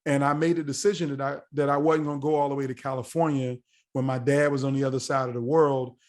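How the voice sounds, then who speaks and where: A man in his forties, a podcast guest telling a story in a casual, animated way and acting out the dialogue. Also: mid-range voice, quick pace. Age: 40s. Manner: animated, acts out quoted dialogue.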